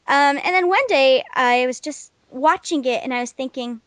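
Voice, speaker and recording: A woman's voice: high voice, normal speed, a bit bright, dry recording. A young woman being interviewed as a guest, chatting casually and laughing often. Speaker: guest, voice actress.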